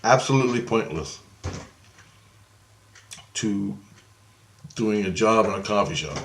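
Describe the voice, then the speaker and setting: A man telling a dream story in a casual vlog, animated, swearing heavily and acting out what people said. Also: fairly low pitch, unhurried, a little hiss or hum. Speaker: vlogger.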